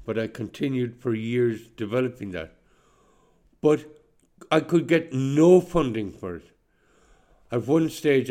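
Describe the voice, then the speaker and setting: A man's voice: medium pitch, a little mellow. A man with a slight chesty cough, speaking on a podcast in an aggrieved, insistent way. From Ireland. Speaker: podcast guest. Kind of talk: monologue on a podcast.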